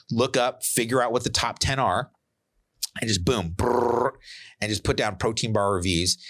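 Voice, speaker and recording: A middle-aged man hosts his own podcast and tells a story in a casual, animated way. His voice sits a little low, and he acts out each person he quotes along the way. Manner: animated, retells scenes with quoted voices and sound words. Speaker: podcast host.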